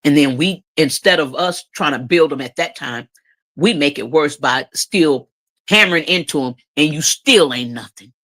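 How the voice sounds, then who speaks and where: This commentary vlogger speaks at a normal pace in a low, fairly bright voice. She is emotional and mentions crying easily, delivering sarcastic, emphatic opinions and going back over the same points.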